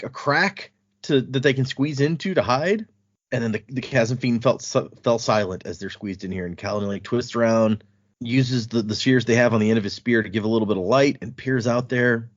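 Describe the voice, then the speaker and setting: A man's voice: mid-range voice, no room sound. A man co-hosting a podcast, casually retelling book chapters in loose paraphrase, laughing often and swearing now and then. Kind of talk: casual chat. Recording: dull, slightly lo-fi podcast audio.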